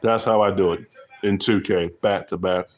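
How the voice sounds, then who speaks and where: A man's voice: sits low, fairly even intonation, moderate pace. A man giving hyped, trash-talking play-by-play of his own basketball video game. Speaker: gamer streamer.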